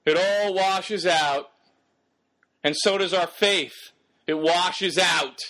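Man preaching, high voice, bright and sharp, emphatic, exhorting, rhetorical questions. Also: slow pace. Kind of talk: sermon.

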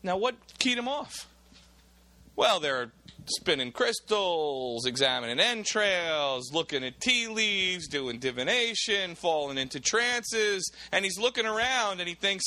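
A man preaching a sermon, retelling a scripture story with lively dramatized asides and reading old bible wording aloud. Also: high-pitched, unhurried.

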